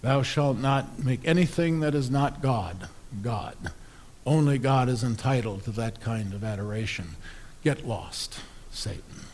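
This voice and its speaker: A preacher voicing Jesus with solemn, measured refusals in a retold scripture scene. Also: male voice, medium pitch, darkish tone, a little hiss or hum, natural voice. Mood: firm. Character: calm, firm Jesus refusing temptation.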